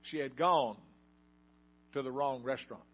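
A man's voice: medium pitch, a little slow. An older man preaching a sermon in a folksy storytelling way and putting questions to the congregation. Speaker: pastor. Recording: dull lo-fi sound.

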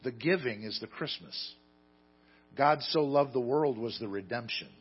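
Preacher guy, husky voice, dull lo-fi recording, gets loud then drops to quiet asides. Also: mid-range voice, moderate pace. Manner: storytelling, self-deprecating, swings between loud emphasis and quiet asides. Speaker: pastor. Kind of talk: sermon.

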